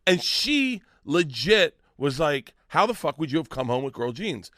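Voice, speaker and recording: A man in his forties telling stories on a podcast, animated and profane, laughing as he talks. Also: a little high, measured pace, dry recording, studio quality. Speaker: guest storyteller. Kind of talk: casual podcast storytelling.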